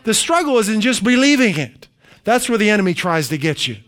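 High-voiced man preaching a fervent sermon. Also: big pitch swings, fairly quick, a bit bright. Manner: emphatic and repetitive, leads the congregation in call-and-response. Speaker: pastor.

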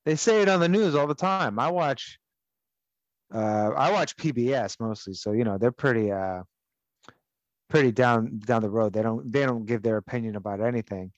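A man's voice: medium pitch, moderate pace, dry recording, highs cut off. A man co-hosting a podcast, chatting casually, rambling and swearing, with strong opinions. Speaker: podcast co-host.

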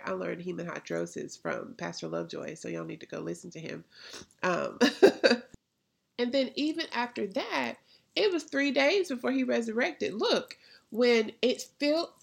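A woman hosts a faith podcast, preaching conversationally and often asking "right?" as a rhetorical question. Her voice is mid-range with vocal fry.

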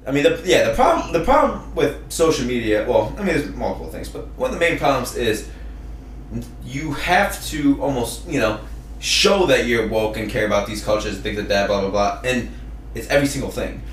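A man's voice: mid-range voice, expressive, fairly quick, a little hiss or hum. A man co-hosting a casual podcast, rambling and swearing as he banters. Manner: rambling, swearing, mocking voices. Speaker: podcast co-host. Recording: echoey room from a distance.

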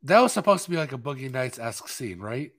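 A man co-hosting a film podcast, talking in a loose, rambling way and pausing often for fillers. His voice sits in a middle range, neither high nor low. He sounds relaxed and conversational. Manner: rambling, chatty, with many fillers. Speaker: podcast co-host. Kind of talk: casual chat.

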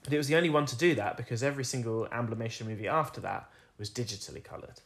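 A man's voice: mid-range voice, racing. A young man co-hosting a podcast, chatting casually, explaining at length and laughing often. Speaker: podcast co-host.

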